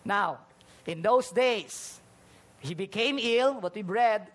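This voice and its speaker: Filipino-accented preacher, lively delivery, acts out dialogue and scripture voices during the sermon. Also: mid-range voice, slow. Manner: animated, acts out conversations and Bible speeches in voices. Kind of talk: sermon mixing Tagalog and English.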